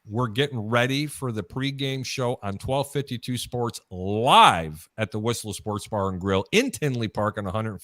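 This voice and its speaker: A man's voice: mid-range voice, fairly bright tone, dry recording. A man hosting a live sports betting talk show, chatty and storytelling, mimicking announcers as he goes. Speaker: host.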